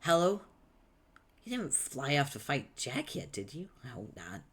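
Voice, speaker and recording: A man's voice: mid-range voice, wildly swooping pitch, unhurried, a bit bright, slightly rough, voice pushed up, exaggerated voice. A man voicing a cheerful, naive teenage boy, upbeat and a bit puzzled, reading a webcomic aloud.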